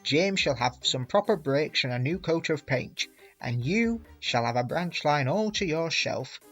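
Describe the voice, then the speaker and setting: A man voicing a portly railway boss who speaks in a measured, fatherly way, stern yet kind. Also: fairly high pitch, expressive, faint music behind. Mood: kindly.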